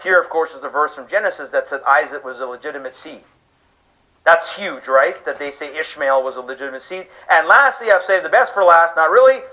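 A man's voice: on the high side, expressive, a little fast, pushed and bright, rough recording. A man preaching a sermon-style lecture to an audience, emphatic, firing off rhetorical questions and acting out listeners' reactions.

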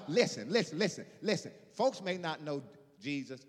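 A man preaching an emphatic sermon, repeating phrases and building to shouted peaks. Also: on the high side, big pitch swings, normal speed, breathy edge, big-room sound. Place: church.

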